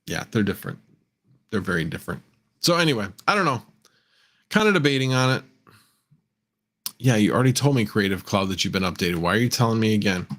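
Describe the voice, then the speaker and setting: A man with a somewhat low voice hosts a casual livestream. He rambles, restarts his sentences and chuckles often as he answers viewers' messages. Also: very animated, a little fast, pauses often, fairly bright tone. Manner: rambling, self-correcting, chuckles often, reads chat aloud. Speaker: livestream host.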